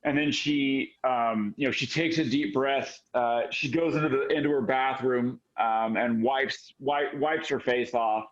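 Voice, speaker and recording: A man narrating as game master in a tabletop game, halting and full of fillers and restarts. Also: medium pitch, fairly even intonation, dull audio.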